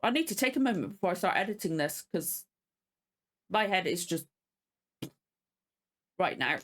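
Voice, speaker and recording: A woman with a lowish, fairly bright voice hosts a casual reaction vlog, very animated at a moderate pace and pausing often. Teary and emotional, she rambles and gushes, restarting her sentences many times.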